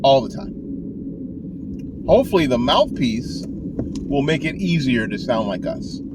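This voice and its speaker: A man's voice: medium pitch, very animated, measured pace. Older guy, sax teacher, chatting from his car, rambly and folksy, lots of restarts, road noise humming behind. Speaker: saxophone teacher. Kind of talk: casual talking-to-camera advice.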